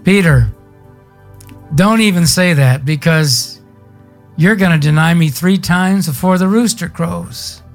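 A preacher voicing a calm, knowing male teacher in a plain, matter-of-fact rebuke. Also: mid-range voice, slow, soft background music. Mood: rebuking.

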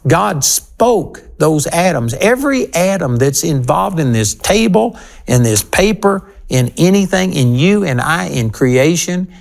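A man teaches the Bible on his broadcast program, speaking directly and emphatically to his listeners, his voice leaping up on key points. It is fairly high-pitched and very animated, with vocal fry and a slightly slow pace.

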